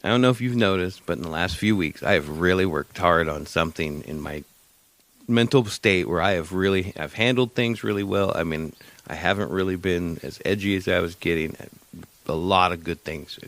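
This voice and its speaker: A middle-aged man with a low voice rambles through a casual podcast story. He loses his thread, circles back and throws in jokes as he talks. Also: normal speed, fairly bright tone. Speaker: podcast co-host. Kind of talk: casual chat.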